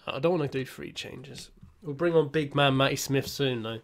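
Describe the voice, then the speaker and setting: A man's voice: mid-range voice, moderate pace. Chatty man reacting to gameplay. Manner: chatty, self-mocking, swings between mumbled asides and excited outbursts. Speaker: gaming YouTuber. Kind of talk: casual gameplay commentary.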